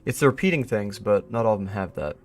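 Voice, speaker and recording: A man's voice: fairly low pitch, lively intonation, quick pace, faint music behind. A young man on a live stream, reading reports aloud, then chatting casually, laughing and thinking aloud as he works out a code. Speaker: streamer exploring an online mystery.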